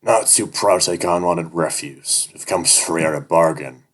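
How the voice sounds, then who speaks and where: A leering male slave overseer, read by a man in an audiobook, with a throaty accent and a mocking, jovial manner. His voice sits at the very bottom of the register, deep and heavy. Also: moderate pace.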